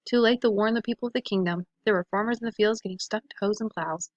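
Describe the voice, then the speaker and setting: A woman reads a children's picture book aloud, bright and lively, changing her voice for each character. Her voice sits in the middle range and the sound is dry and close, with no room echo. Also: mid-range voice, fast, lo-fi sound. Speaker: teacher reading aloud. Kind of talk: storybook read-aloud.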